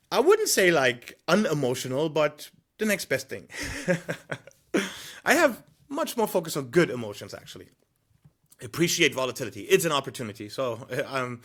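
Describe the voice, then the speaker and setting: A man's voice: on the high side, a bit bright. A man who trades, giving emphatic market advice to camera, coaching with rhetorical questions and a nudging 'hmm?'. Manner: frequent 'you know' fillers. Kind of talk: direct-to-camera advice monologue.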